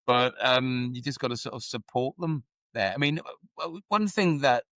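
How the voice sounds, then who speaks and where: A man's voice: medium pitch, lively intonation, moderate pace, fairly bright tone, no echo. A middle-aged man, a guest on a podcast, talking in a reflective way with many "you know"s and restarts. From England. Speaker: guest, former football club executive. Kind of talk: podcast conversation.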